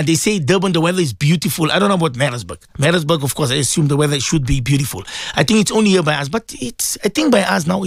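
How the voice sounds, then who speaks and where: Lively chatty radio man. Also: on the high side, gravelly, husky, no room sound. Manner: warm chatty, reads listener messages, many fillers and repeats. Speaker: radio presenter. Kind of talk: casual radio chat.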